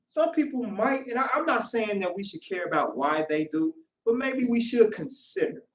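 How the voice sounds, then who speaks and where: A male preacher gives an animated sermon in a worship hall, acting out congregants in quoted voices and shouting at times. His voice is high and moderately paced, heard from a distance in an echoey room.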